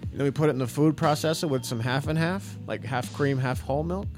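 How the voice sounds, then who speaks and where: A man's voice: fairly high pitch, fairly quick, music in the background, pitched below the performer's own voice, close to an everyday voice. A man voicing a crude, boastful Chicago guy with a Chicago accent who swaggers and calls everyone dude. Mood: enthusiastic.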